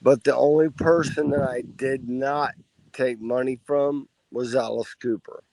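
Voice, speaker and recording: A man's voice: medium pitch, steady tone, unhurried, gravelly, darkish tone, poor audio. A middle-aged man, a podcast guest, telling laid-back, profane stories in casual conversation. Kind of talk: casual storytelling.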